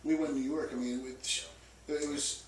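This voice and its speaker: A man's voice: mid-range voice, steady tone, moderate pace. A man in a band, chatting casually in an interview with many fillers and restarts. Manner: loose, rambling with many fillers. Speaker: band member. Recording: roomy, distant mic, faint noise.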